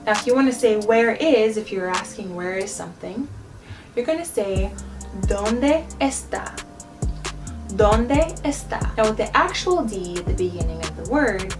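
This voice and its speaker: A woman giving a patient travel-vlog language lesson, repeating each word slowly for the viewer to practice. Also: mid-range voice, expressive. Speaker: language teacher. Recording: distant mic with background music.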